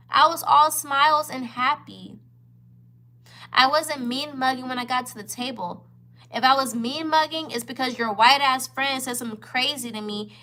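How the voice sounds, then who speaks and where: A woman in her twenties, a vlogger, tells a storytime to camera in a high-pitched, bright and forceful voice. She is upset and close to tears, retelling events in a heated, profane and emphatic way.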